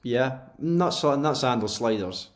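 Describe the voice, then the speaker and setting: A Scottish man who co-hosts a podcast chats casually over a remote call, loose in his talk and quick to laugh. His voice is medium-pitched and animated, and he keeps a measured pace.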